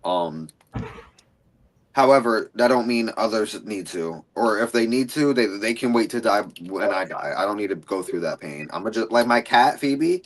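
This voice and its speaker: A man's voice: on the low side, moderate pace, poor audio. A man co-hosting a casual chat, playful and emotional as he tells stories. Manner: playful, emotional, animated storytelling. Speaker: co-host.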